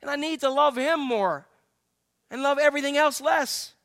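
High-voiced earnest preaching man. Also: moderate pace, a bit bright. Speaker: pastor. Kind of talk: sermon.

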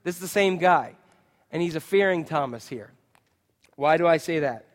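A man preaching a sermon as pastor, animated, acting out quotes and putting questions to his listeners. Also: on the high side, normal speed, in a large hall. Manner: animated, acts out quotes and asks the congregation questions.

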